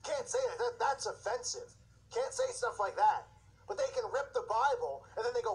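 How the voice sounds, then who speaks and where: A man's voice: extremely high pitch, expressive, normal speed, low-quality recording. A man hosting his own show, delivering an impassioned, indignant religious commentary with mocking asides. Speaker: show host.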